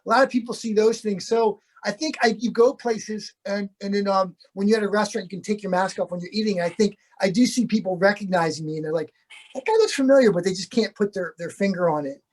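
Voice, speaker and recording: A man's voice: high-pitched, steady tone, quick pace, hardly any pauses. Middle-aged guy actor chatting in an interview, rambly, keeps restarting, easygoing. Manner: rambling, self-correcting, good-humored. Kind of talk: casual interview chat.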